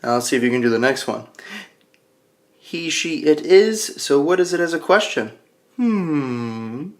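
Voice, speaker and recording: A man teaching a grammar lesson to English learners, playful and speaking slowly and clearly. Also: fairly high pitch, lively intonation. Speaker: ESL teacher.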